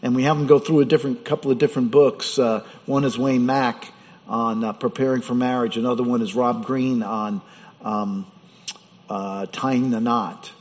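A pastor preaches in church at medium pitch and a moderate pace, keeping a steady tone. His style is conversational, with rhetorical questions. The recording sounds dull, with hall reverb.

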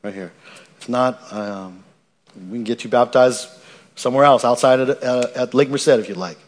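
A man's voice: medium pitch, normal speed. A man, a pastor, preaching an earnest, emphatic sermon with frequent restarts and repetitions.

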